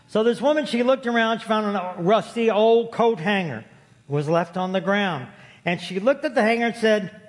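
A man's voice: high-pitched, normal speed. A man preaching a sermon to his congregation, folksy and storytelling, joking with the room. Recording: long hall reverb.

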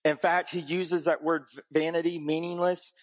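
A man preaching a conversational sermon, teaching with rhetorical questions and light humor, swinging between raised emphatic passages and low, quiet ones. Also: little pitch movement, normal speed. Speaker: pastor.

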